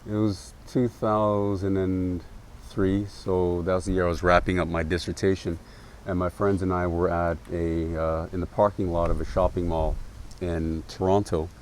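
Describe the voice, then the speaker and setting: Deep-voiced man, measured recollection. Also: flat delivery, darkish tone, slight background noise. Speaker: academic interviewee. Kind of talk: interview recollection.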